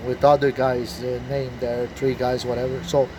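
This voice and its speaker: A video blogger delivers a rambling conspiracy monologue in a medium-pitched, level voice at normal speed. He sounds agitated and swears, with restarts and fillers, and there's faint noise in the background.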